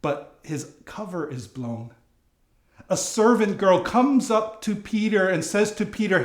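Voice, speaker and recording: A man's voice: sits high, expressive, unhurried, reverberant. A man preaching a sermon as a pastor, earnest, voicing quoted lines with a lifted voice. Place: church sanctuary.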